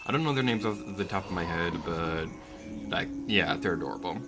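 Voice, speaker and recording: A man giving jokey let's-play commentary, who rants and yells at enemies in the game. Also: low-pitched, lively intonation, fairly quick, over music.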